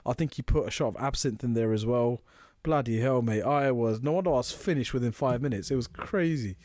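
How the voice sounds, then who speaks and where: A man's voice: mid-range voice, no room sound. A man, co-hosting a podcast and telling drinking stories in casual chat, acting out what people said. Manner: fast, animated anecdotes with acted-out quotes. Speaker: podcast co-host.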